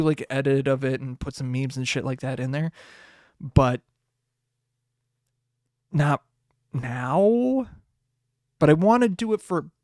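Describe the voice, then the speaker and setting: A man hosting a casual solo podcast, with a voice a bit higher than usual and a dry, close sound. He rambles, swears freely and often laughs. His pitch jumps suddenly when he gets worked up. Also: darkish tone, no room sound. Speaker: podcast host.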